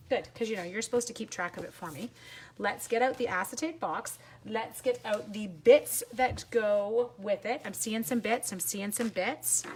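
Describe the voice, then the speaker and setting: Bubbly woman, a little higher voice, chatty craft demo host reading viewer comments. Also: a little hiss or hum. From Canada. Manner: bubbly, chatty, quick to laugh. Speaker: papercraft demonstrator and teacher.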